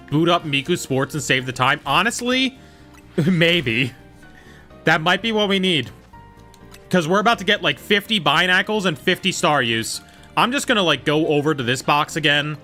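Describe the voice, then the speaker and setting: A man's voice: on the high side, sharp tone. A young man live-streaming a game, chatting casually and joking with his chat. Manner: joking, rambling, slips into whispers.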